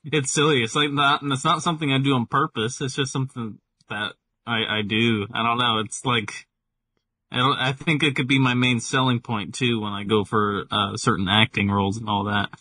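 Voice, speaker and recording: A man's voice: medium pitch, fairly even intonation, normal speed, bright, forceful tone, no room sound, far from the mic. A young man from California co-hosting a casual podcast chat with old friends, stretching and overpronouncing his words longer than needed. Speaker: podcast co-host.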